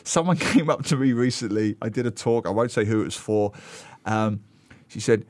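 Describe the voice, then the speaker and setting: Man telling animated stories on a dry studio mic. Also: on the low side, normal speed, no room sound. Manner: animated storyteller, slips into mimicking voices. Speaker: radio co-host. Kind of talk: casual radio chat.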